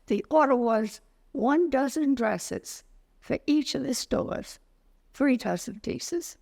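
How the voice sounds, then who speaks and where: An older woman in an interview, telling lively anecdotes about her past and acting out the people in them. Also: high voice, slow. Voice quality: creaky. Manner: lively anecdotal storytelling, acts out quoted dialogue. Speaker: interviewee, retired business owner. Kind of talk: storytelling interview.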